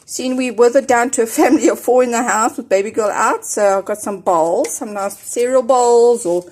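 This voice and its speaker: South African mom, 40s, casual haul vlogger, slightly high-pitched, rambling and breathy from unpacking. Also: female voice, normal speed, darkish tone. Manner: chatty and rambling, with many fillers and restarts. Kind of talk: casual grocery haul vlog. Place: at home, in her office.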